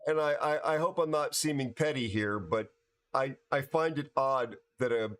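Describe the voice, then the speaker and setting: Tired, halting American man. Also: medium pitch, fairly bright tone. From United States. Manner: rambling, halting, many restarts and fillers. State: tired from no sleep. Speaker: livestream host. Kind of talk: casual livestream chat with viewers.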